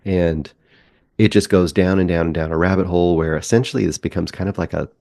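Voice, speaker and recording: A man with a low, warm voice and vocal fry speaks a bit quickly as he casually reviews a movie on a film podcast. He rambles through the plot, voicing bits of the characters' lines along the way, in a dry recording.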